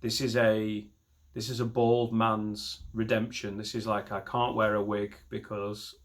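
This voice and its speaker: A man's voice: on the low side, little pitch movement, measured pace. A man doing a rambling, self-deprecating and sweary stand-up set from his home garage into a laptop mic. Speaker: stand-up comedian.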